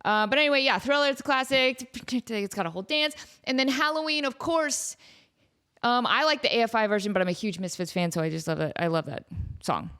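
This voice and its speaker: A woman hosting a casual solo podcast, excitable and rambling, who keeps breaking into sung snippets and laughter. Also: a little high, brisk, clear, resonant tone. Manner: talks to her cat. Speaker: podcast host.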